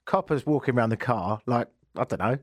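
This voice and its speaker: Lively radio host. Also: male voice, mid-range voice, a little fast, no room sound, clean studio sound. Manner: animated, joking storyteller. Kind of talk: comic radio monologue. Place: radio studio.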